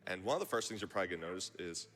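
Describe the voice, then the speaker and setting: A man's voice: deep voice, very fast, crowd noise. A man commentating his own speedrun at a live event, friendly and explanatory. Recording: game music behind the voice. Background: game music.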